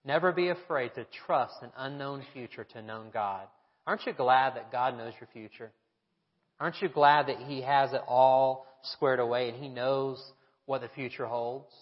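A pastor delivering a sermon, telling stories and asking the congregation rhetorical questions. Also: male voice, mid-range voice, normal speed. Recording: echoey hall, dull lo-fi sound.

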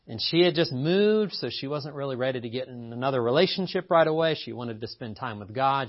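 A man from Appalachia preaching a conversational sermon, telling stories and joking with his guests. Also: mid-range voice. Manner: folksy, storytelling, jokes with guests. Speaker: pastor. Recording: slightly muffled recording.

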